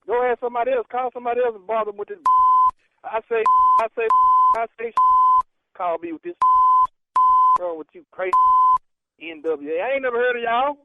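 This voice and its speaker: A man's voice: extremely high pitch, animated, a little fast, long pauses. A man on the phone, scoffing and mocking, laughing between his words. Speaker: prank call target. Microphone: phone line. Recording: muffled noisy phone line.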